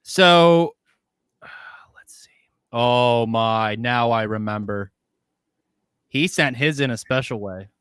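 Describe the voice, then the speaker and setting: A man's voice: medium pitch, slow pace, long pauses, fairly bright tone, clean tone, no room sound, clean studio sound. A man hosting a podcast, teasing his co-host in playful, casual banter.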